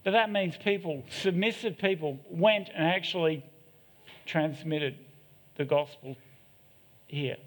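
On the high side and taking his time, a middle-aged man pauses often as he preaches. The sermon is frank and self-deprecating, with joking asides, and the church hall's long echo carries it.

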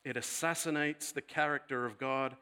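A man preaching a sermon, earnest and deliberate, slowing down to stress key words. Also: mid-range voice, steady tone, clear, resonant tone. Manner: earnest preaching, slows for emphasis, drops softer later. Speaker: pastor.

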